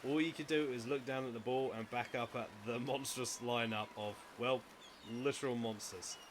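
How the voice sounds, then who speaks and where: Over game music, a streamer reads a visual novel's story aloud in a mock-dramatic style, stopping for joking asides and swearing for laughs. His voice is mid-range with fairly even intonation at a moderate pace, and there's a little hiss or hum.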